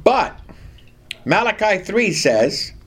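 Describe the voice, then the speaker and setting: A man preaching a sermon, reading scripture aloud and leading the congregation to repeat lines after him, stressing key words deliberately. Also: high-pitched, sing-song, fairly bright tone, husky.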